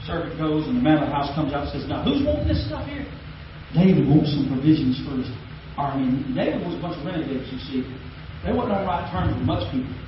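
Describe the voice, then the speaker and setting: A man preaching a folksy sermon in a church, swinging from loud to soft, recorded echoey and distant with a dull, faintly hissing sound. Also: fairly high pitch, fast talker.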